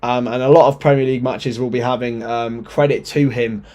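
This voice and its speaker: A man hosting a live football watchalong, commenting as a fan. He talks in an excitable, chatty way, often stumbles over words, and sounds nervous and shaky. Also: medium pitch, brisk. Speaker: watchalong host.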